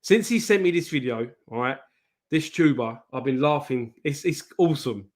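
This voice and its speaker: A man's voice: medium pitch, lively intonation, moderate pace. A man hosting a live stream, chatting casually, greeting viewers by name, swearing freely and laughing often. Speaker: host of a live trading stream.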